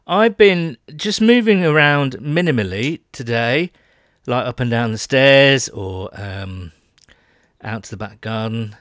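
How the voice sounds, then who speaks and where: A man's voice: medium pitch, animated, takes it slowly, fairly bright tone, dry recording. British male podcast co-host, chatty and self-mocking, recorded close and dry. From Britain. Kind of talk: casual podcast chat. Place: home, London.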